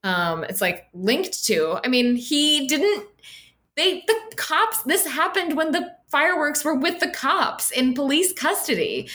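A woman's voice: sits high, lively intonation, measured pace, pushed and bright. A woman co-hosting a podcast, talking casually with many fillers and a sarcastic edge. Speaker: podcast co-host. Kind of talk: casual political chat.

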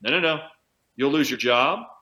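Man, chiropractor guest, bright voice, lively storytelling, speeds up and slows down. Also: medium pitch. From United States. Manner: animated anecdote-teller, speeds up and slows down for emphasis. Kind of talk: conversational storytelling.

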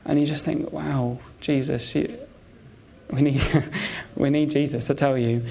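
Halting man giving a sermon. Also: a little high, steady tone, vocal fry, dark tone, a little hiss or hum. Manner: conversational, halting, many fillers and restarts. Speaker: preacher. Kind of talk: sermon with personal stories.

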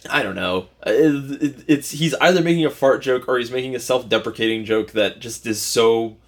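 Sarcastic young dude ranting on a podcast, mid-range voice. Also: male voice, mid-range voice, normal speed. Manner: blunt, sarcastic, swears. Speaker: podcast co-host. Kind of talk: casual chat.

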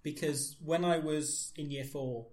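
A man's voice: on the high side, fairly even intonation, measured pace, a little mellow, roomy sound. A young man co-hosting a comedy podcast, riffing with dry, offbeat jokes. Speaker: podcast co-host. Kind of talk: casual comedy chat.

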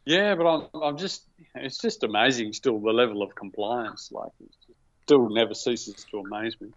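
A man's voice: mid-range voice, normal speed, no echo. Male podcast co-host, hesitant and laid-back, dry muffled recording. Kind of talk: casual podcast chat. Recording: dry, dull lo-fi line.

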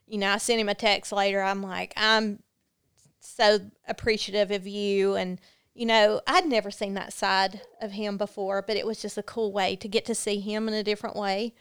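A woman guest in a podcast interview, telling a personal story in an earnest, candid way with halting fillers. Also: mid-range voice, level tone, fairly bright tone, smooth.

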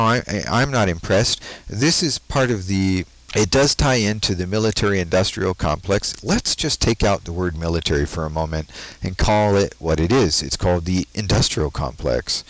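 A man from the United States hosting an occult talk show, delivering a deliberate, preachy monologue full of rhetorical questions. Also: low voice, dry recording, rough recording. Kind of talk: solo monologue commentary.

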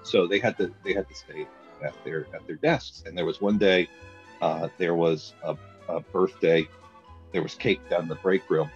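A young man telling a comic story in a casual chat, animated and laughing often as he acts out what people said. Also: deep voice, normal speed, muffled recording, faint music behind.

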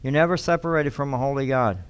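A male pastor gives a sermon in an easygoing, conversational way, often saying key lines twice. His voice is clear and smooth and sits at a middle pitch. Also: fast. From United States. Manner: conversational teaching, repeats key phrases.

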